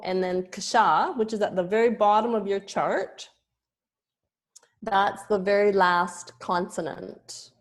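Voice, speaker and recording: Yoga teacher lady going slow over pronunciation, sounding stuff out carefully. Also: mid-range voice. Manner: explanatory, demonstrates sounds slowly.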